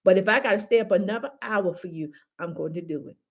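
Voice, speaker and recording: A woman's voice: mid-range voice, fast. Woman, live-stream host, heartfelt and emphatic, loose casual talk to her viewers, says things twice. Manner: emphatic, repeats phrases, calls viewers baby and y'all; heartfelt, grateful.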